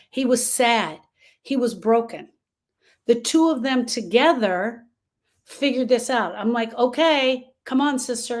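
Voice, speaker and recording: A woman in her sixties, a grief coach, teaching a group in a lively, conversational storytelling way. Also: on the high side.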